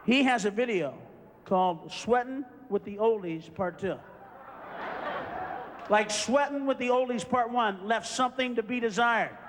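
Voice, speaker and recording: High-pitched ranting stand-up comedian, man. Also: measured pace, big-room sound, a little hiss or hum. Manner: shouting, profane ranting.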